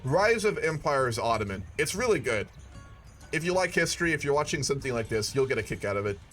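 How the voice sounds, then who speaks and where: Casting note: man, mid-pitched voice, loose cursing let's-play commentary with a wry edge. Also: big pitch swings, quick pace, fairly bright tone, faint music behind. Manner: profane, wry asides. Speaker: gaming video creator. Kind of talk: casual gameplay commentary.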